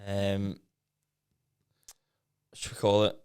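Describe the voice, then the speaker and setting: A man with a lowish voice hosts a casual podcast. He drops in short, dry remarks. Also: completely flat delivery, very slow, darkish tone, smooth. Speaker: podcast host. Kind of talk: casual chat.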